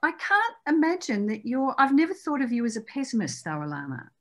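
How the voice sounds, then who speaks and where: A woman's voice: high-pitched, very animated, a little fast. A woman interviewer asking questions on a video call, thoughtful and hesitant, with many fillers. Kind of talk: conversational interview.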